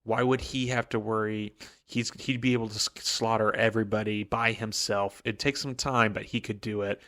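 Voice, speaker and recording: A man's voice: lowish voice, steady tone, normal speed, pushed and bright. A man co-hosting a podcast, recapping a book in a rambling, casual way with many fillers. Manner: rambling, lots of "like" and "um". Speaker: podcast co-host.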